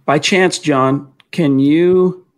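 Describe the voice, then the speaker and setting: Chatty guy hosting a football podcast stream, voice a bit on the high side, reads out the chat. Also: drawn-out words. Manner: chatty, answers fan questions, reads chat aloud. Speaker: podcast co-host. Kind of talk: casual sports talk livestream.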